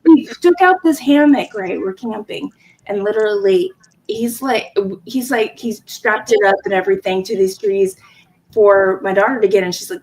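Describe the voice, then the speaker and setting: A woman in her forties telling family stories in a casual chat, animated and laughing often. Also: mid-range voice, moderate pace, poor audio. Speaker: guest in a live chat stream.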